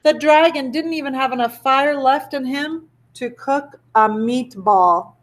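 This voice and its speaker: A woman teacher reading a picture book aloud to children with expressive, animated storytelling. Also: high-pitched, measured pace. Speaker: elementary school teacher.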